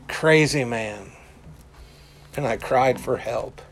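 A man preaching a sermon in a deliberate way, stressing his points by repeating key words. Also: medium pitch, expressive, slight background noise. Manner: slow, deliberate, emphatic repetition.

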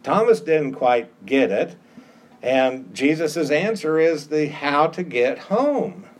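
A man's voice: a little high, expressive, slow pace. A middle-aged pastor delivers a sermon in a slightly raised voice. He drives home each point by repeating short phrases with emphasis.

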